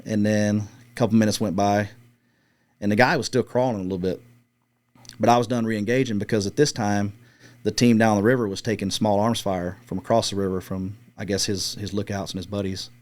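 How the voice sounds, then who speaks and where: A man's voice: lowish voice, steady tone, a little fast, a little mellow. A middle-aged man, a former military sniper, casually telling a long story in an interview and swearing freely as he acts out the radio calls. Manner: profane, laid-back storyteller acting out radio calls. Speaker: guest, former Marine scout sniper.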